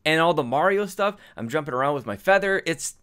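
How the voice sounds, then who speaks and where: A man's voice: a little high, expressive, brisk, fairly bright tone, clear, resonant tone. A man co-hosting a gaming podcast, chatting casually and telling rambling, effusive stories. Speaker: podcast co-host.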